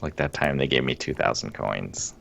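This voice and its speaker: A man's voice: a bass voice, normal speed, creaky, a bit bright. A man co-hosting a casual gaming podcast, rambling wryly and laughing often. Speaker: podcast co-host. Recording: dull lo-fi stream audio.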